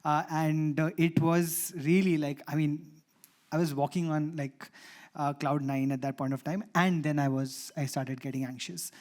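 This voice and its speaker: An Indian English man speaks on a conference panel in a slightly high voice. He tells a personal story in an animated way and acts out the dialogue within it. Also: moderate pace.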